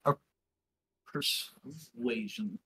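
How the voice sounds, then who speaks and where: A man's voice: mid-range voice, extremely slow, pushed and bright, a little hiss or hum. Hesitant young male game master. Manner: casual, hesitant narration with many fillers. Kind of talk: narrating a tabletop game.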